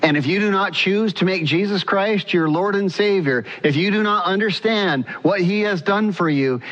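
A man's voice: high voice, a bit bright. A male pastor preaching a sermon in an earnest style, putting questions to the congregation. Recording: muffled sound with long church reverb.

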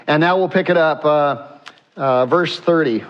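A male pastor preaching a sermon with a slightly high voice. He talks slowly and emphatically, with many rhetorical questions. The recording sounds dull and lo-fi. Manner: animated, slows down for emphasis, asks rhetorical questions.

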